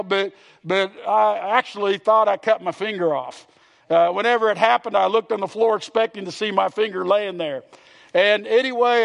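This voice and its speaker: A man's voice: sits high, creaky. A man, a pastor preaching a sermon to his congregation, earnest and repetitive, asking the room questions. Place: church sanctuary.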